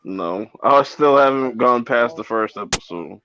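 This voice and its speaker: A man's voice: mid-range voice, animated, unhurried, a bit bright, dull audio, slight background noise. A man joking and teasing in a casual live stream chat. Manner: laughs often, teasing.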